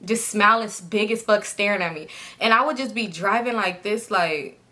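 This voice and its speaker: A young woman vlogger casually telling a story straight to her viewers, animated and chatty. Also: medium pitch, a little fast.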